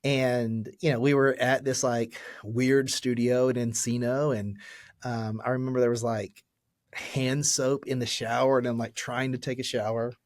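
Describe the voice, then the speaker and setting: A man's voice: medium pitch, level tone, dry recording. Earnest man in his forties, dry sound. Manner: earnest, halting, full of fillers and restarts. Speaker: pastor, podcast guest. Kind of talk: candid personal testimony in a podcast interview.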